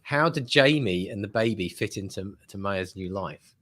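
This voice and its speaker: A man's voice: fairly low pitch, lively intonation, normal speed, fairly bright tone. A man co-hosting a podcast, bantering and reading listener questions aloud. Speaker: podcast co-host.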